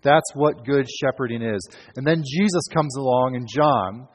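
Male pastor, husky voice, conversational emphatic sermon, long hall echo. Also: mid-range voice, moderate pace. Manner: conversational, emphatic preaching with fillers.

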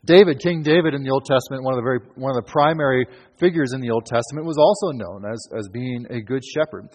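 A man's voice: medium pitch, fast talker, a little mellow. A man preaching a sermon as pastor, in a conversational, emphatic way with casual fillers. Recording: hall with long reverb.

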